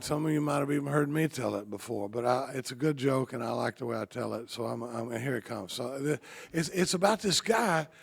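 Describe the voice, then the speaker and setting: A man, giving a folksy, joking recovery talk at a podium, halting often and restarting his sentences. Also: medium pitch, vocal fry, husky. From Texas. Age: 50s. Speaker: AA convention speaker.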